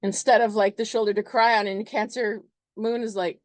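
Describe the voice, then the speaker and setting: This astrologer, a woman with a mid-range voice and fairly even intonation, talks briskly through a chart in a loose, chatty manner packed with fillers. The recording has no echo.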